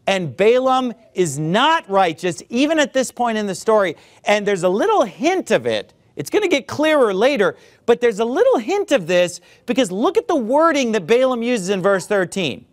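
A man's voice: high-pitched, big pitch swings, normal speed, few pauses. A man preaching a sermon, speaking emphatically, drawing out key words and addressing the listeners directly as folks. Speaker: pastor.

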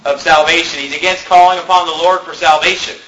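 A man preaching a fiery sermon, rising to shouts at his peaks and dropping to a conversational tone for stories. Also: a little high, steady tone, quick pace, low-quality recording. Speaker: pastor.

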